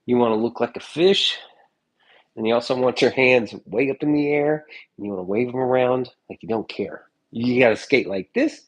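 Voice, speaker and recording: Husky, laid-back man joking around. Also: mid-range voice, a little fast. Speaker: streamer. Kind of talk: casual vlog chat. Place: home kitchen.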